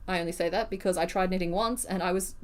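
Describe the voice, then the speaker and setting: A woman's voice: lowish voice, fairly even intonation, quick pace. A woman, chatting casually on a live stream while she crochets, answering viewers and teasing herself. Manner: chatty, self-deprecating, answers chat questions.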